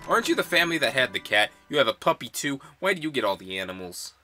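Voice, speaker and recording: A man's voice: medium pitch, very animated, fast, sharp tone, faint music behind. Playful young man narrating gameplay. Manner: playful, rambling, chuckling asides. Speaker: let's-play gamer. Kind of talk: casual game commentary.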